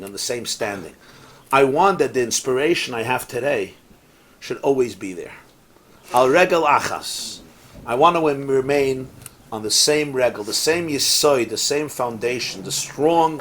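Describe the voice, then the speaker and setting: A man, a rabbi, teaching a Torah class in a lively, sing-song lecture style, mixing in Hebrew and Yiddish phrases, asking rhetorical questions and cracking jokes. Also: mid-range voice, normal speed, slight background noise. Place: synagogue study hall, live class.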